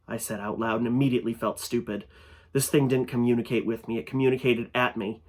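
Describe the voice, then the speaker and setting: A man narrates a first-person horror story at an even, middling pitch. His delivery builds louder and tenser in the frightening passages, in the manner of a fiction reading. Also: brisk. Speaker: fiction reader.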